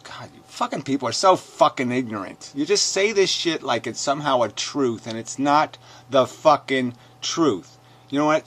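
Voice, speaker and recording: A man ranting angrily and profanely as he reads comments aloud, mocking them in sneering voices and swinging between shouts and mutters. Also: medium pitch. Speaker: video commentator. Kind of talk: angry rant reading comments aloud.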